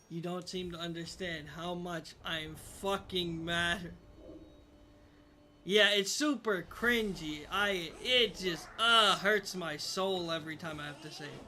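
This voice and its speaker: A man's voice: high voice, slow pace, long pauses, pushed and bright, a little hiss or hum. A young man streaming a game, casually commenting to his chat, frustrated, swearing and mocking himself. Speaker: gaming streamer.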